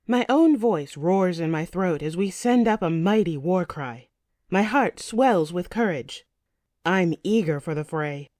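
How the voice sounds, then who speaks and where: A woman's voice: lowish voice, expressive, a little slow, a little mellow, no echo, studio quality. A woman narrating a first-person fantasy audiobook with intense, vivid storytelling.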